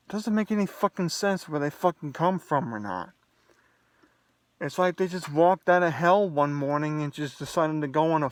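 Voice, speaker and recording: Agitated young man ranting, high voice. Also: no echo. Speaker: vlogger. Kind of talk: angry solo rant to camera.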